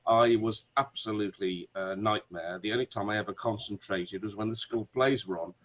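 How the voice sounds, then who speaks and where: A middle-aged man with a Wolverhampton accent, a barrister, telling animated stories as a guest on a video call. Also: fairly low pitch, a little fast, poor audio. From Wolverhampton, England. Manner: animated storyteller, many restarts. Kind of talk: conversational interview.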